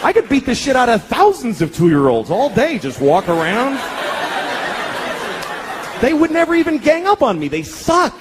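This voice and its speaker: A man's voice: very high voice, huge pitch swings, normal speed, pauses often. A man in his thirties doing a stand-up comedy routine, with profane, exasperated ranting and heavy swearing. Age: 30s. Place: comedy stage before a live audience. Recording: live audience laughter and room noise. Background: crowd laughing.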